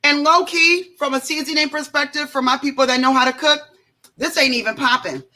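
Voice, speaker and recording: Bright, high-voiced woman host chatting. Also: a little fast. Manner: animated, chatty, frequent asides to viewers. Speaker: show host. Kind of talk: casual reaction commentary. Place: at home.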